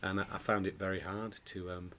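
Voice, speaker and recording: A deep-voiced man speaks brisk, flat, and forceful, with a bright tone and a faint hiss or hum behind him. He's a pantomime dame actor guesting on a podcast indoors, swapping casual, jokey anecdotes in a storytelling way, often restarting and breaking into laughter.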